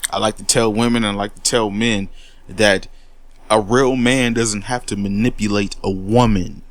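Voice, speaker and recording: A man's voice: fairly low pitch, dry recording. A man in a heated, profane monologue, taking on critics with repeated words and a confrontational edge. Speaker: commentary host.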